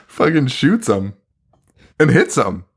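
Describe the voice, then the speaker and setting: A man's voice: medium pitch, huge pitch swings, drawn-out words, slightly rough. Laughing, profane man recapping a film. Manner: laughing, profane, tangent-prone. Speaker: podcast co-host. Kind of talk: casual chat recapping a film.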